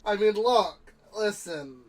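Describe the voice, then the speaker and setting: Man, tabletop player, high voice, slow, easygoing delivery. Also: expressive, a little mellow. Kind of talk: casual chat at a tabletop game.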